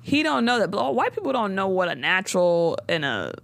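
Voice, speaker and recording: A woman co-hosting a casual chat who recaps a show in a lively, profane way and acts out the quotes. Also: medium pitch, fairly quick, creaky, no room sound. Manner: animated, profane storytelling with acted-out quotes. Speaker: podcast co-host recapping a TV show.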